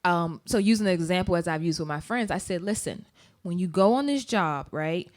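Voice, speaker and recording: Woman podcast co-host, somewhat low voice, emphatic anecdote-driven talker. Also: lively intonation, fairly quick. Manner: emphatic, gives advice in anecdotes; mimics voices when quoting people. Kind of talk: casual podcast chat.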